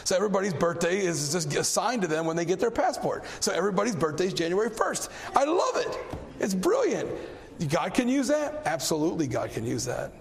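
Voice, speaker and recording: A man preaching a sermon, telling a story with animated energy and a voice that climbs when he gets excited. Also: high voice, brisk, gravelly. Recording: long hall reverb.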